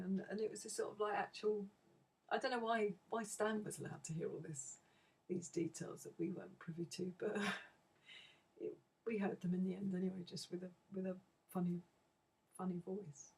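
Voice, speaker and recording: A middle-aged woman speaking to camera in a video diary, a mother talking hesitantly and thoughtfully, with frequent pauses. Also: medium pitch, steady tone, a little mellow, rough recording. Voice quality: gravelly, very husky. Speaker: bereaved mother.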